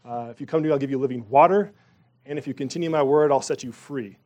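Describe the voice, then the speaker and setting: A man's voice: medium pitch, fast, dark tone. A man preaching a sermon in a casual, rambling, conversational way, full of fillers and restarts. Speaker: pastor.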